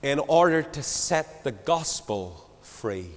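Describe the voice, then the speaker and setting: A man preaching a sermon to a large congregation, swinging from loud declarations to quiet low asides. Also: very animated, takes it slowly. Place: large church. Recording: long hall reverb.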